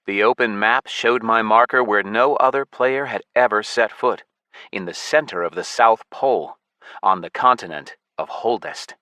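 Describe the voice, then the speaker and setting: A man narrating a science fiction audiobook in the first person with a steady, even delivery. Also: fairly low pitch, normal speed, no room sound.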